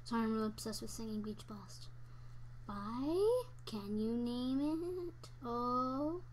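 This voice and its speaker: Young female gamer, high-pitched and unhurried, excitable commentary with squeals and whispers. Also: slight background noise. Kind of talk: let's play commentary.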